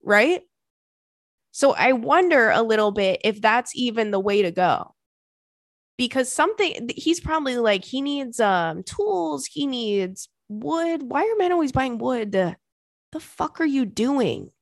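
A woman's voice: a little high, measured pace, dry recording, clean studio sound. A young woman hosting a casual comedy podcast, reading listener emails aloud and riffing with swearing and frequent laughter. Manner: animated, swears, laughs often.

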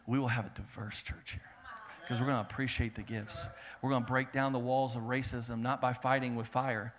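A man preaching a sermon in a lively way, acting out the people in his story and swinging between loud bursts and hushed lines. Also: medium pitch, a little fast. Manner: animated, acts out voices of biblical figures, swings between loud and hushed. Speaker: pastor.

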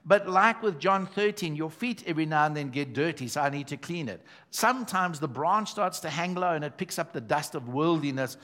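A man's voice: a little high, fairly quick, few pauses, bright, forceful tone. A man preaching a sermon to his church, emphatic and conversational, calling out to the congregation as he goes. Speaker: pastor.

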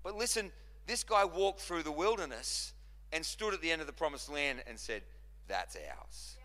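A man preaches a sermon with a forceful, tense edge to his voice, pitched a little high for a man. He presses his points through repetition and quick restarts. The long reverb of a big church hall rings around every phrase. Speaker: pastor.

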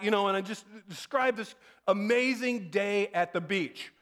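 High-voiced man preaching a casual sermon. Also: moderate pace, a bit bright. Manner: conversational storytelling, acts out quoted lines with rising pitch. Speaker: pastor.

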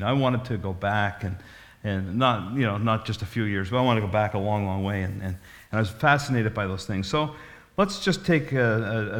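Man in his 60s, pastor, folksy storyteller, rambling, conversational sermon. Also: fairly low pitch.

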